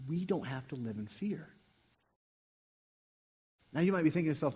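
A man's voice: on the high side, animated, normal speed, long pauses, dark tone, breathy edge. A young man preaching a sermon, telling a personal story earnestly with frequent restarts. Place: church sanctuary.

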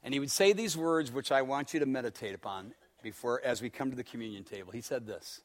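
A man's voice: medium pitch, quick pace, hardly any pauses. A man preaching a sermon as pastor, pressing his listeners with repeated rhetorical questions and acting out a story in quoted dialogue.

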